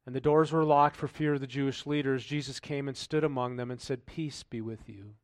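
A male pastor giving a sermon, reading scripture aloud and then commenting in a relaxed, conversational way with rhetorical questions. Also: medium pitch, a little fast, clean tone, no echo.

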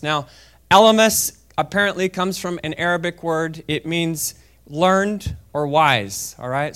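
A man preaching a sermon in a church service, reading scripture aloud and talking casually between verses, often checking in with "okay?" and swinging from quiet asides to loud, fervent reading. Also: sits high, clean tone. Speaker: guest preacher.

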